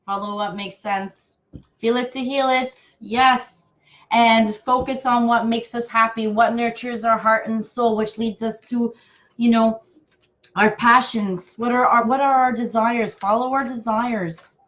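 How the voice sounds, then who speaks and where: Slow, affectionate woman card reader. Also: fairly high pitch, fairly even intonation, fairly bright tone, lo-fi sound. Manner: affectionate, halting with many fillers and restarts. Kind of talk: live card reading for viewers.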